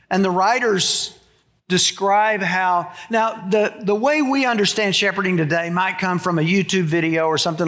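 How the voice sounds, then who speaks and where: A man's voice: high-pitched, fairly bright tone. An older man, a pastor, giving a sermon in a folksy storytelling way, mixing scripture with family anecdotes. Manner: folksy storytelling, shifts from Bible reading to humorous anecdotes.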